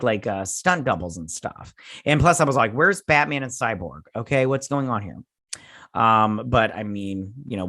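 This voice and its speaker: A man hosting a casual recap and review of a show's finale, rambling and excitable, often acting out what the characters say. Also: medium pitch, dry recording, clean studio sound. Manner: rambling, excitable, with frequent restarts and acted-out quotes. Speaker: host.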